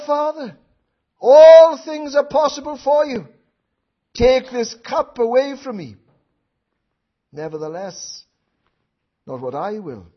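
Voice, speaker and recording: A man preaching a sermon who swings from hushed asides to loud impassioned outcries, with many rhetorical questions to his listeners. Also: high-pitched, slightly rough. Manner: tag questions and rhetorical questions to the congregation. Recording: dull lo-fi recording.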